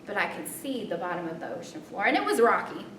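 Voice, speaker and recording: A woman's voice: fast, a little hiss or hum. Woman telling a story from afar. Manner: expressive, voice jumps high in scared moments, softens in reflection. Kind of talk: spoken storytelling performance. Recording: roomy, distant, rumbling background.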